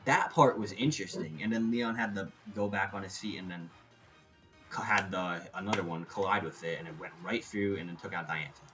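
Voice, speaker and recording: A man with a fairly low voice gives a casual, opinionated review. He rambles, breaks off his sentences and starts them again. Faint music plays behind him. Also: a little fast, low-quality recording. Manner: rambling, animated, opinionated, with frequent restarts. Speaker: anime reviewer.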